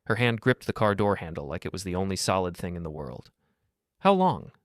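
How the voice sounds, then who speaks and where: A man tells a first-person story in a calm, measured voice that sits very low. The recording is dry and close, with no room sound at all. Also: no room sound. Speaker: narrator.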